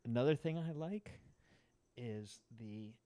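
A man's voice: medium pitch, slow, dark tone, smooth, no room sound. A man hosting a podcast, teasing his guest with crude, playful banter. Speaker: podcast host.

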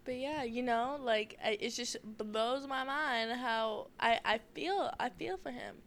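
Bubbly woman guest, higher voice, laughs often. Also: a little slow, vocal fry, fairly bright tone. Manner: giggly, bubbly. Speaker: podcast guest. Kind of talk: casual chat.

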